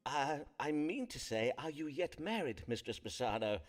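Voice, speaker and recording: A man's voice: mid-range voice, big pitch swings, moderate pace, lightly acted. An actor playing a wordy, evasive male Elizabethan astrologer in a game, talking in formal old-fashioned speech. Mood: pompous. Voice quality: archaic formal diction, hesitant fillers. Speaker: Elizabethan astrologer physician Foreman. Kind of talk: period game voice acting.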